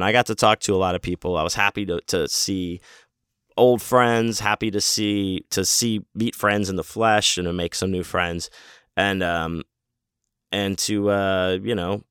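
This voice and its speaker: A man's voice: fairly low pitch, fairly bright tone, clean tone, dry recording, clean studio sound. A man casually telling a rambling story about a convention trip, laid-back and swearing freely. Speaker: convention vendor.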